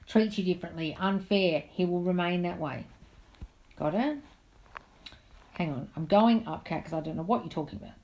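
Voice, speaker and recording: A woman's voice: lowish voice, a little mellow, low-quality recording. Woman, live-stream manifesting coach, casual and chatty, affectionate "darling" habit. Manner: chatty, calls listeners darling, reads comments aloud. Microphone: phone on a live stream.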